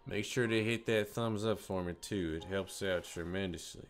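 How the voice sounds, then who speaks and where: A gruff country fisherman grumbles and drawls in a put-on American country accent, as a man plays him on a live stream. The voice sits very deep and folksy, a homespun talker with plenty to say about real work. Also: normal speed. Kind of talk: live stream role-play.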